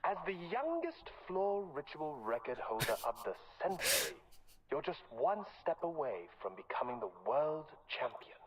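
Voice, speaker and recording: A husky radio host with a low voice that swoops widely. She sounds like a scheming villain. Her interviewer's questions come out sinister. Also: big pitch swings, moderate pace, full character voice, rough recording. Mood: probing.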